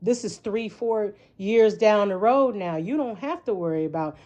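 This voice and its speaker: A woman's voice: mid-range voice, animated, unhurried, darkish tone. A woman giving a casual tarot reading, rambling and frank, swearing freely and often asking "right?". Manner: rambling, frank and profane, with frequent rhetorical "right?". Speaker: tarot reader.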